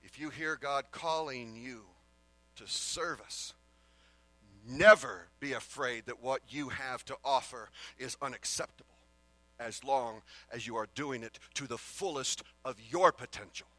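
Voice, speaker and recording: A middle-aged man preaching a sermon as a pastor, swinging from loud emphatic declarations to quiet earnest asides. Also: medium pitch, a little slow, low-quality recording.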